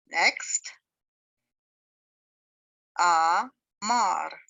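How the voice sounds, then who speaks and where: A woman with a medium-pitched, sharp-toned voice teaches beginning Hebrew, patiently sounding out each syllable at a measured pace with frequent pauses. She is animated, and the audio is poor.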